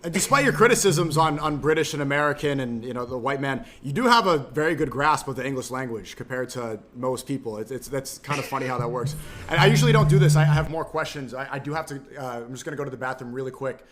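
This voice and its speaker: A man hosting a casual podcast interview, asking rambling, halting questions. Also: mid-range voice, animated, fairly bright tone. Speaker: podcast host.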